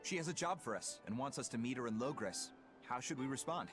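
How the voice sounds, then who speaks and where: A man's voice: mid-range voice, expressive, a little fast, lightly acted. A man voicing a dutiful male crewman in a video game, reporting to his captain. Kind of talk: game voice acting. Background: game music.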